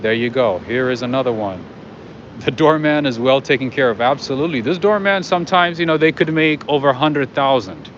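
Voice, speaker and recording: A man's voice: medium pitch, animated, fairly quick. Chatty man walking a city street. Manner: chatty, rambling, with many fillers and asides to viewers. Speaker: livestream host. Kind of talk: casual walking commentary to viewers. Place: outdoors on city streets at night. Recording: muffled with loud street noise.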